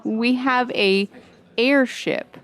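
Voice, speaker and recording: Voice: medium pitch, extremely slow, a bit bright, clean tone. Hesitant player at a tabletop game. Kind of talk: casual tabletop play.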